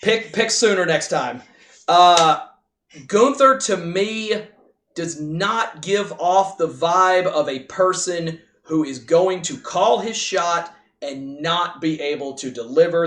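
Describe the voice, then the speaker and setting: A man co-hosting a podcast, chatting casually and driving home his opinions with slow emphasis. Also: fairly high pitch, a bit bright. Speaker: podcast co-host. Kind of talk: casual wrestling chat. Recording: echoey room, distant from mic.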